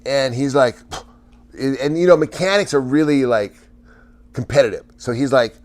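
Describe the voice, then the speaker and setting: A man's voice: mid-range voice, moderate pace, darkish tone. Rambling, stammering male livestream host. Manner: rambling, stammers and restarts, laughs often. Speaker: livestream host chatting with viewers. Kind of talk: casual livestream chat.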